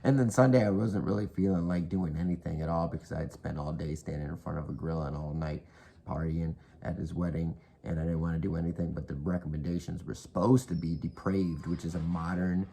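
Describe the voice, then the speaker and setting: Low gravelly man rambling about horror films. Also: steady tone, brisk, dark tone. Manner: rambling, profane, half-whispered close to the mic. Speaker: horror movie reviewer. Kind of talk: casual rambling recommendations. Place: indoors at home. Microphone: close to the mic.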